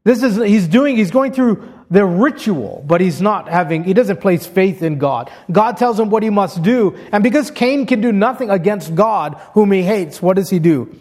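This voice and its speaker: A man's voice: high voice, expressive, normal speed, hardly any pauses, darkish tone. A man preaching an expository sermon, reading scripture aloud and explaining it step by step in an earnest way.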